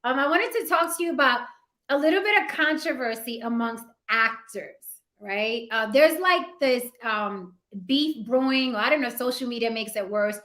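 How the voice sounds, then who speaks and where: A woman hosting an interview show, telling candid stories in a casual, expressive way and laughing often. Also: a little high, normal speed. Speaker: show host.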